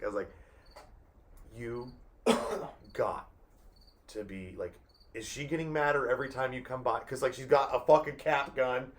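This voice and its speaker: A man's voice: mid-range voice, measured pace, pauses often, a little hiss or hum. A man co-hosting a casual podcast, rambling through a family story and swearing often. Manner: rambling, swears a lot, acts out family quotes. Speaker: podcast co-host. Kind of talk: casual profane chat.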